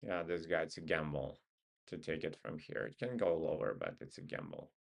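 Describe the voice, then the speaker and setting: A man's voice: a bass voice, moderate pace, gravelly. A man with a Russian accent, talking casually to himself while he goes over stock charts and joking now and then. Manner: laid-back, muttering to himself, joking. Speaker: stock market streamer. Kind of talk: casual trading commentary.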